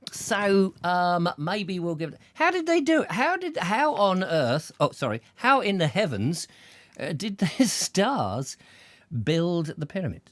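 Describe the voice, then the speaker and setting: A man hosting a casual chat show, rambling and joking with a very lively, swooping intonation. His voice sounds dry and close, with no room around it. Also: high voice, a little slow, no room sound. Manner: rambling, playful, jokey. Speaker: show host.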